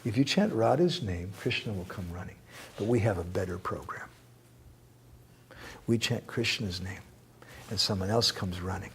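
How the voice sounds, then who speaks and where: A man with a lowish voice giving a spiritual lecture in a temple hall, answering questions from the audience. He talks in an animated way, reciting verses and joking now and then. A faint hum of noise sits behind him. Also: moderate pace, long pauses. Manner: animated, quotes verses, jokes and laughs.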